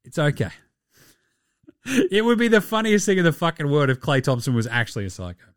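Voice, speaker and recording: A man hosting a casual sports podcast, animated and jokey, swearing freely. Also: on the high side, fairly quick, smooth, no echo, clean studio sound. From Australia. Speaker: podcast host.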